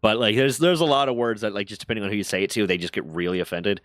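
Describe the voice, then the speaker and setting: A man's voice: lowish voice, very fast, a bit bright, dry recording. Crude joking American man, dry sound. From United States. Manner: crude, joking, swears freely. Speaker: streamer. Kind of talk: casual chat.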